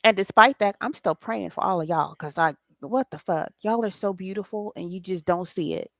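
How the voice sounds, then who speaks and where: A woman's voice: lowish voice, moderate pace, dry recording, clean studio sound. A woman, hosting a spiritual late-night talk in an impassioned, preachy way and swearing freely. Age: 40s. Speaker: spiritual host.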